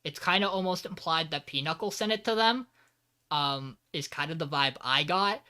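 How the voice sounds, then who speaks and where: A man's voice: fairly high pitch, moderate pace, clear, resonant tone. A man co-hosting a podcast, recapping an anime episode in casual chat and acting out the characters' lines as he goes. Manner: animated, acts out character lines while recapping. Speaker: podcast co-host.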